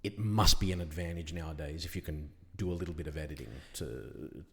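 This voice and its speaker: Very deep-voiced male host. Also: fairly quick, a bit bright. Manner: conversational, draws out the guest with questions. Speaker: podcast host. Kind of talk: casual interview chat. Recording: echoey reverberant room.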